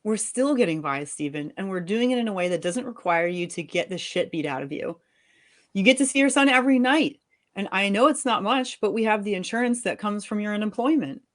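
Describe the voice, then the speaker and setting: A woman reading the part of a fed-up young wife and mother, sharp and sarcastic with her husband. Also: mid-range voice, expressive, fairly quick, lightly acted. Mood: scolding. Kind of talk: live fiction reading.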